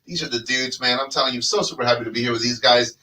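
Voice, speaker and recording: A male host chatting on a live show, animated and joking with rambling sales patter. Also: medium pitch, rapid-fire, distant mic, poor audio. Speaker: host and cigar brand representative. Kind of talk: live casual chat show.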